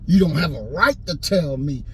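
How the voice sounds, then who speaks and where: Fiery, high-voiced man ranting. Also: lively intonation, moderate pace, slight background noise, poor audio. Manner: preachy, repetitive, swings into shouting. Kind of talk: impassioned rant and storytelling.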